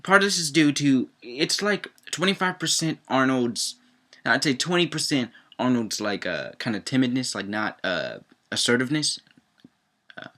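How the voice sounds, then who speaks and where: Bright-voiced young man rambling casually. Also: normal speed. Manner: rambling, heavy on fillers, swings into excited high-pitched outbursts. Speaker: cartoon episode reviewer. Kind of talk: casual chat.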